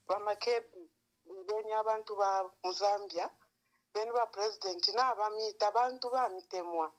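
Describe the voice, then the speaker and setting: A woman's voice: medium pitch, fairly even intonation, normal speed, poor audio. A woman calling in to a political show, speaking in a direct, pleading way. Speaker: caller. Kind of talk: call-in comment to a political show.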